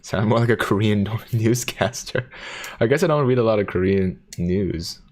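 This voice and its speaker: A man's voice: on the low side, moderate pace, darkish tone. A man hosting a casual livestream, reading viewer comments aloud in a jokey, playful way. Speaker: livestream host reading chat.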